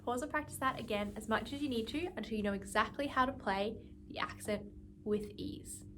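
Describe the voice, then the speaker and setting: A woman's voice: a little high, fairly quick, fairly bright tone. A woman music teacher giving an instrumental lesson, patiently explaining and counting beats aloud.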